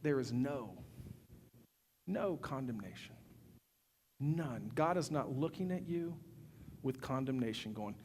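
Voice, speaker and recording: A middle-aged man preaching a sermon as pastor. He talks conversationally, with fillers and repeated words, and swings between loud, fervent bursts and quiet, intimate stretches. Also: medium pitch, lively intonation, takes it slowly, pauses often, slight background noise.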